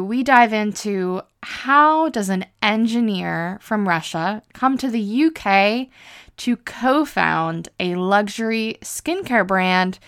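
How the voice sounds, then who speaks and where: A woman's voice: mid-range voice, clear, resonant tone, no echo, clean studio sound. Upbeat woman hosting a podcast. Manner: upbeat, enthusiastic. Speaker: podcast host. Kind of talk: podcast host intro and interview.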